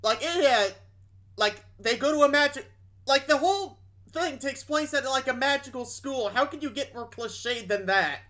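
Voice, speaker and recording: A man's voice: very high-pitched, moderate pace, sharp tone. A young man streaming games, chatting casually in a blunt, sarcastic way. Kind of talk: casual chat.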